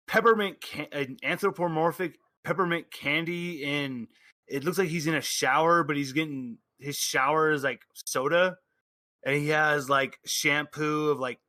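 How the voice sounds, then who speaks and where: Bright-voiced man running a tabletop game. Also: a little high, no echo. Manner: halting, restarts mid-sentence while describing scenes. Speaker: game master.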